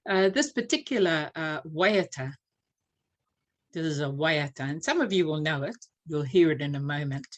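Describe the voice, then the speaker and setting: A woman presenting a church language series, unhurried with many fillers, teaching Māori pronunciation through spoken examples. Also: deep voice, expressive. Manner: unhurried, filler-heavy explanations.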